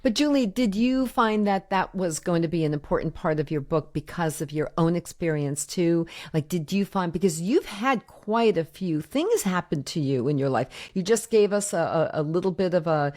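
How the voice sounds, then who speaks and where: Talk-show host: woman, low-pitched, chatty, meandering questions. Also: lively intonation, moderate pace, hardly any pauses, a little mellow. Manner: chatty, rambling questions with many fillers. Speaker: podcast host. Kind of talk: conversational interview.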